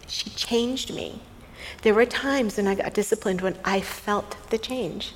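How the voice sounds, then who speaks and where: A middle-aged woman co-hosting a faith-based talk, telling a parenting story in a lively way, laughing often and dropping to a soft voice when she quotes someone. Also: mid-range voice, moderate pace. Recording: reverberant room with faint hiss.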